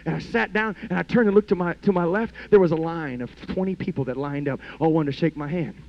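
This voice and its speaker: High-voiced preacher telling a story. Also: male voice, fast talker, slight background noise. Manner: conversational, sprinkled with "you know"; swings between hushed and loud passages. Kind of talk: storytelling sermon. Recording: dull lo-fi podcast audio.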